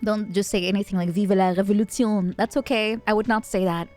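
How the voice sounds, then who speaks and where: A young woman from the Netherlands, chatting playfully with her stream chat and often jumping into high squeals. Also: fast, soft background music. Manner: playful, animated, jumps to squeals. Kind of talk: casual chat with chat.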